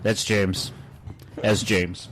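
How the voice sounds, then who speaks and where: Low-voiced man reading chats aloud. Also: little pitch movement, extremely slow, a bit bright, a little hiss or hum. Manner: reads messages in mock voices, laughs often. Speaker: podcast co-host. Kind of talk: casual podcast banter, reading group chat messages aloud.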